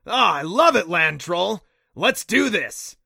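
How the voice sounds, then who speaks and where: A boisterous male kelpie bursts out loudly and high, as a man reading a storybook puts him on. The reading sounds close and dry. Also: animated, slow, gravelly, no echo, full character voice. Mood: exuberant. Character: weary then boisterous male kelpie water-horse companion.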